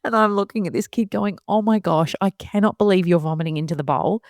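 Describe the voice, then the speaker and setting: A woman in her thirties, a mother and host, telling a story in a casual monologue, animated and laughing often as she acts out her own thoughts. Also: mid-range voice, fast, no room sound, studio quality.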